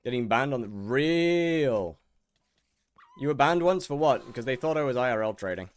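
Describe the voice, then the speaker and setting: A man's voice: mid-range voice, expressive, normal speed, smooth. A young man from England, streaming a game and bantering sarcastically with his chat. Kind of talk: casual chat with viewers while gaming.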